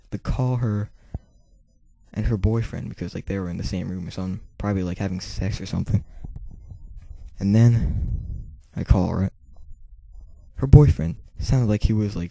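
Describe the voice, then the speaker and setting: A teenage boy talks straight to camera in a rambling, casual way, full of fillers and swearing. His voice sits fairly low and has a gravelly edge. The tone is very dark, and his volume rises and falls throughout. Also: normal speed, no echo. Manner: volume swings between quiet and loud. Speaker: vlogger. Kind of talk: casual storytelling monologue.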